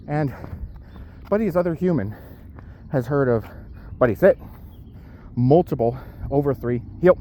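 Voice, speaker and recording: A powerlifter records a vlog of his day while walking his dog outside, chatting into the camera and slightly out of breath from going uphill. His medium-pitched voice is warm and measured, rambling with plenty of fillers over slight background noise.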